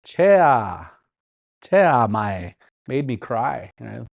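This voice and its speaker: Man, middle-aged, language teacher, slow unhurried delivery, repeats words aloud. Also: medium pitch, big pitch swings, vocal fry, dry recording, highs cut off. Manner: slow, repeats words, chants song lines, laughs often. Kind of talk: livestreamed language class.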